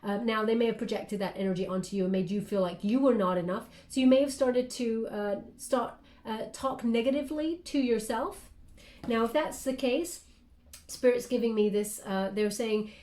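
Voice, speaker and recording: Woman, psychic reader, soothing and reassuring, warm relaxed voice, roomy echoey room. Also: on the high side, normal speed. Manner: soothing, reassuring, talks in loose phrases with frequent fillers. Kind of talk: spiritual guided reading addressed to the listener. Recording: roomy echo.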